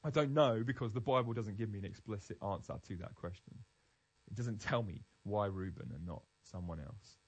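A man's voice: lowish voice, brisk, poor audio. A man giving an earnest, emphatic devotional Bible talk, restarting phrases as he goes. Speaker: Christian speaker.

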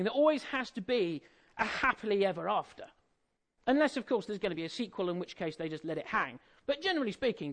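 High-voiced man preaching. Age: adult, married. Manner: conversational, jokey, asks the audience questions. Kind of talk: sermon.

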